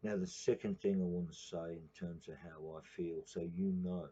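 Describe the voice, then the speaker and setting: Deep husky aussie bloke rambling on a late night stream, lots of swearing and ums, muffled sound. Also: male voice, fairly even intonation, moderate pace, warm tone. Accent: Australian. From Australia. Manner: rambling, swears, many fillers. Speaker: activist channel host. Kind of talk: late-night livestream monologue.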